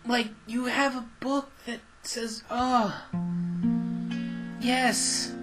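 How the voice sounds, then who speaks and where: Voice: mid-range voice, steady tone, extremely slow, rough recording. Sarcastic swearing gamer over game music. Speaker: let's-play gamer. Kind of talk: live gameplay commentary. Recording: loud game music behind.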